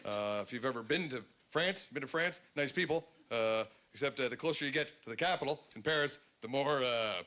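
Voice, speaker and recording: A man from Canada with a Canadian accent doing a stand-up comedy set on a club stage, rambling and animated with lots of filler sounds. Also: mid-range voice, brisk, few pauses. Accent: Canadian English. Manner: rambling, animated storytelling with frequent filler ums and outbursts.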